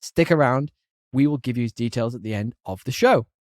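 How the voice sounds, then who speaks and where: A man co-hosting a casual podcast, his voice rising and falling in a lively, animated way. He laughs often and keeps the banter upbeat. The sound is dry and close, with no room around him. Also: medium pitch, a little fast, no echo. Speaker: podcast co-host.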